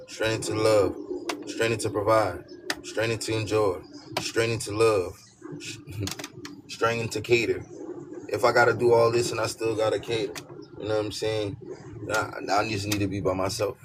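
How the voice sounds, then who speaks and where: A man with a fairly low voice gives a loose, casual tarot reading. He talks emphatically, circling back to the same phrases again and again. Steady noise and birdsong sit clearly behind him. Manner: repetitive, emphatic, peppered with "you know what I'm saying". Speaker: tarot reader.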